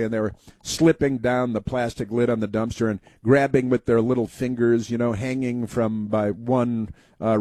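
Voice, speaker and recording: A man's voice: medium pitch, a little mellow, no echo. A man hosting a talk show, telling rambling folksy stories and giving opinionated commentary.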